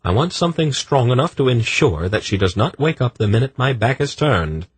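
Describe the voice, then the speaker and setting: Casting: man as an authoritative sorceress in an audiobook, stern, husky raised voice. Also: medium pitch, very animated, fairly quick, no echo, voice pushed up. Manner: stern, reproving. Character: commanding older sorceress woman.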